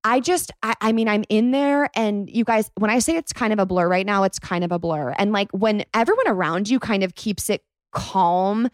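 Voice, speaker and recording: A woman's voice: mid-range voice, normal speed, few pauses, no echo. Young woman, twenties, podcast host, chatty storyteller, dry close mic. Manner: rambling, animated retelling full of "like". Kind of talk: casual storytime monologue.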